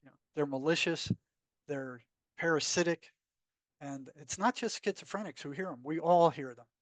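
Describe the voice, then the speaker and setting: A man's voice: on the high side, normal speed, dry recording. A man, a psychotherapist guest, telling stories in a blunt, emphatic way. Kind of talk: conversational storytelling.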